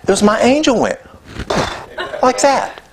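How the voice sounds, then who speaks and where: A man preaching a sermon, telling a personal story in a conversational, animated way. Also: extremely high pitch, a little slow, noisy background. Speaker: pastor. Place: church.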